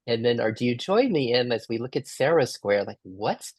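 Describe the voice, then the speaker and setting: A man's voice: mid-range voice, big pitch swings, moderate pace, darkish tone, breathy edge, no room sound. A man leading a group workshop, asking musing questions and restarting his sentences often. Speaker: workshop facilitator.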